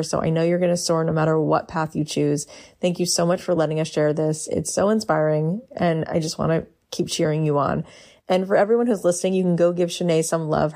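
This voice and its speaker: Low-voiced woman host, cheering on. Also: dark tone. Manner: encouraging and praising. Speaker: podcast host. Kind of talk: closing outro addressing a guest.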